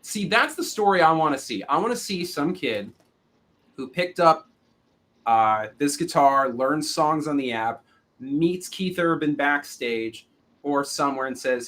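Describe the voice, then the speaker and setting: Male store host, higher-pitched voice, casual product-demo banter, self-mocking sales humor. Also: animated, a little slow, a bit bright.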